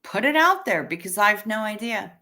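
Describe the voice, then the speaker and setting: A woman in her fifties hosts a casual livestream on a webcam setup, chatting and swearing as she thanks viewers and responds to the chat. Her medium-pitched voice swings widely in pitch, moves at a normal pace, and sounds pushed and bright.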